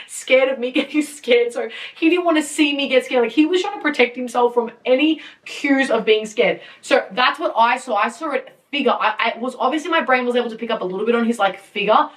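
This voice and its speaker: A young woman with a fairly high voice, chatting through a story on her podcast. She talks in an animated way, laughs often and swears freely. Her voice sits a little back from the mic. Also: far from the mic. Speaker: podcast host. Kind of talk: casual storytelling. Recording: voice a bit off-mic.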